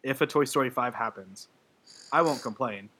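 A man's voice: medium pitch, moderate pace, bright, forceful tone, slight background noise. A man in casual podcast chat, gushing and emotional, rambling with many fillers and restarts. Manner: gushing about a film, laughing through his words.

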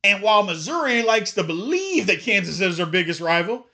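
A man's voice: high voice, lively intonation, brisk, sharp tone. A man from Indiana hosting a sports talk show, giving emphatic opinions and now and then putting on voices to mock fans. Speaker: sports podcast host.

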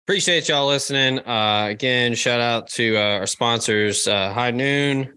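A man co-hosting a podcast in loose, joking chat, swearing freely and tossing in quick asides. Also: mid-range voice, bright, forceful tone, clear, resonant tone. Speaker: podcast co-host. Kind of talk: casual chat.

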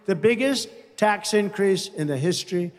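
A man's voice: high-pitched, animated, normal speed. A man giving an emphatic public speech, drawing out his words. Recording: echoey hall with faint ambience.

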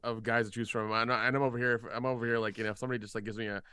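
A man's voice: mid-range voice, little pitch movement, very fast, bright, forceful tone, smooth, no echo. A man co-hosting a podcast, laughing and joking crudely with frequent restarts. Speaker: podcast co-host. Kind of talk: casual chat.

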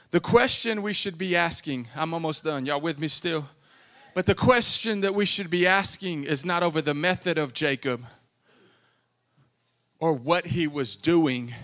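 Guy preaching hard, high bright voice, lots of come on, faint music under it. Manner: fervent, emphatic preaching with repeated "come on"; drops to a low, quiet voice in long passages. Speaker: guest preacher. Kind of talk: sermon.

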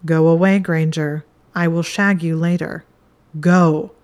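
A woman's voice: deep voice, steady tone, unhurried, a little mellow, clear, resonant tone. A woman reading an audiobook, voicing an arrogant young male wizard student with a dry, clipped, commanding delivery. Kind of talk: audiobook narration.

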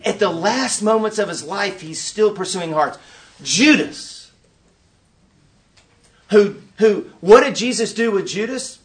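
A man giving a preaching-style conference talk, an animated storyteller who acts out scenes and asks the audience rhetorical questions. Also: sits high, takes it slowly, pauses often, far from the mic. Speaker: workshop speaker at a conference.

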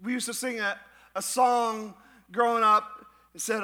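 A man preaching a sermon as pastor, with rising shouts and a few sung lines. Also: extremely high pitch, steady tone, unhurried. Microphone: church podcast recording of a live sermon.

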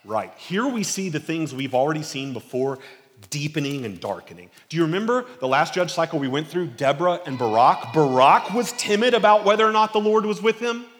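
Animated male preacher in an echoey hall. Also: a little high, fairly quick, a little hiss or hum. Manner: animated, conversational, emphatic. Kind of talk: expository sermon.

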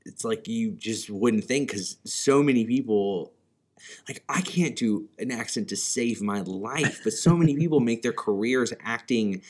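A man's voice: mid-range voice, a little slow. A man co-hosting a film podcast, talking casually with hesitant, rambling sentences full of fillers. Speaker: podcast co-host.

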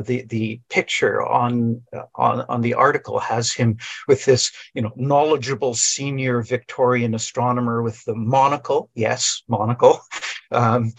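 A man talking as a podcast guest in casual conversation, rambling and halting and often restarting his sentences. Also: medium pitch, steady tone, breathy edge, no echo.

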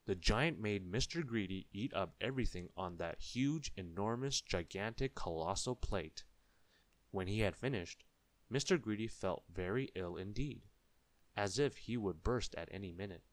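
A man reading a children's story aloud, expressive and speaking directly to young listeners. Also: on the low side, normal speed, no echo. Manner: expressive, asks listeners questions.

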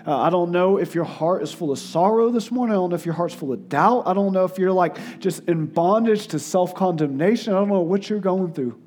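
A male guest preacher giving an earnest sermon, sometimes emotional and dropping his voice softly for quotes. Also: brisk, hardly any pauses. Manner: earnest, tearful in places, drops to soft low tones for quotes. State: crying at times.

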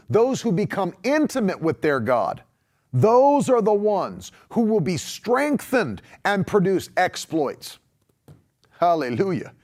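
A man's voice: high-pitched, a little mellow. A male preacher giving a livestreamed sermon, emphatic, drawing out key words and laughing between points. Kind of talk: livestream sermon reading comments.

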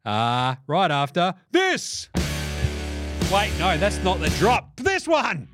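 A man's voice: high voice, wildly swooping pitch, slow, over music. A man hosting a solo basketball podcast, sarcastic and profane as he riffs on the day's games. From Australia. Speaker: podcast host. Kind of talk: solo sports podcast rant.

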